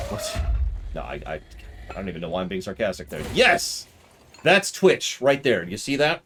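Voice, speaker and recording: A man's voice: sits low, huge pitch swings, moderate pace, a bit bright, a little hiss or hum. A man streaming a video game live, reading in-game documents aloud between joking asides. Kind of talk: live gameplay commentary.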